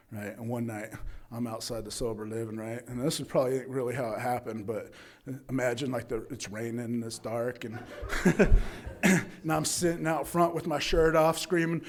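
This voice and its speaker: A man from Utah giving a candid, rambling talk about his recovery at a meeting, checking in often with his listeners. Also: medium pitch. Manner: candid, rambling, frequent "right?" and "you know". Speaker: AA meeting speaker. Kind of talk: personal recovery story told to an audience. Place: AA speaker meeting.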